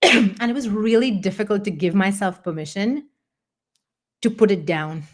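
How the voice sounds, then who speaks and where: Earnest, animated woman coach. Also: medium pitch, moderate pace. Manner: earnest and animated, acting out her own past self. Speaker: business coach. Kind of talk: candid motivational talk to an audience.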